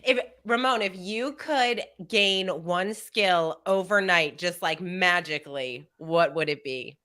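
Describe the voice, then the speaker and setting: A woman hosts an interview podcast in a casual, upbeat way. She speaks slowly, and her voice has a bright, forward tone. She sounds encouraging toward her guest. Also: lowish voice. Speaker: podcast host.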